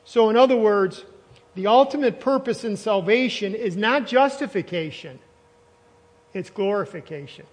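High-voiced male pastor preaching in a hall. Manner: emphatic, repeats phrases, quizzes the congregation. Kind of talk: sermon. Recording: long reverb of a large hall.

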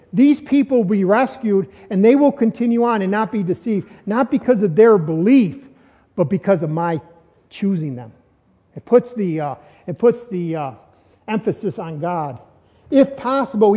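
A man preaching a sermon as a pastor, in a conversational style full of rhetorical questions. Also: sits high. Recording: dull lo-fi sound with long hall reverb.

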